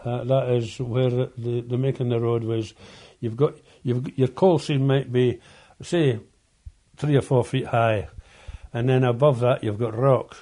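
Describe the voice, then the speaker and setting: Halting and frequently repeating himself, an older ex-coal miner recalls his past in an oral history interview. His voice is medium in pitch and dark in tone, with fairly even intonation.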